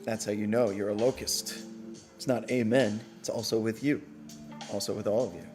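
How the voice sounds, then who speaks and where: Male host, lower register, playful and self-mocking in loose chat; soft music bed underneath. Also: fairly even intonation, normal speed. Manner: playful, teasing banter. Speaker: podcast host. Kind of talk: casual live postgame chat.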